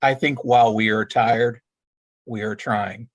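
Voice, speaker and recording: A man's voice: mid-range voice, fairly even intonation, measured pace, dry recording. A man who is a podcast guest, speaking earnestly and reminiscing. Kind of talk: casual chat.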